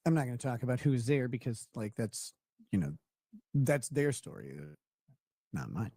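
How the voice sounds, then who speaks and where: A man's voice: medium pitch, big pitch swings, normal speed, warm tone, husky, dry recording, clean studio sound. A young man hosting a casual talk show, telling a rambling anecdote with many restarts and laughing at his own tale. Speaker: show host. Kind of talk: casual storytelling chat.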